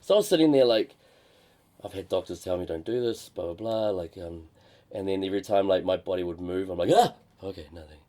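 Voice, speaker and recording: A man's voice: low voice, fairly quick, dark tone. A man who is a comedian, co-hosting a casual podcast and telling a long, rambling story with many fillers and restarts. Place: shed.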